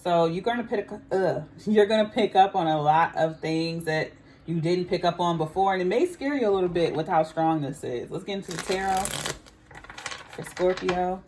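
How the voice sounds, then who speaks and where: A woman talks her viewers through a tarot spread in a relaxed, musing way, often thinking aloud with "I feel like". Her voice sits somewhat low for a woman. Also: moderate pace, slight background noise. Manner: chatty, musing, frequent "I feel like". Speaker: tarot reader. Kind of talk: casual psychic reading to camera.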